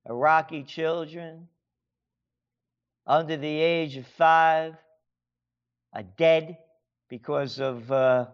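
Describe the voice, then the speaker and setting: A man's voice: on the high side, muffled recording. An American man and author ranting sarcastically in a monologue, firing off rhetorical questions in a heated tone. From United States.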